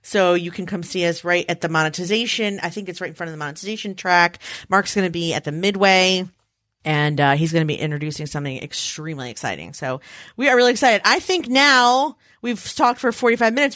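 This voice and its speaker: A woman co-hosting a podcast, chatting in a lively, teasing way and laughing often. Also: fairly low pitch, fairly quick, no room sound, clean studio sound. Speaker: podcast co-host. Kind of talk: casual chat.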